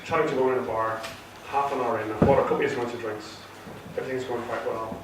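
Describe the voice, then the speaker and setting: A man's voice: mid-range voice, fairly even intonation, fast talker, noisy background. A man doing his first stand-up comedy set, nervous and rambling, full of fillers and restarts. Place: theatre stage with a live audience. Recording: echoey hall recorded from far off.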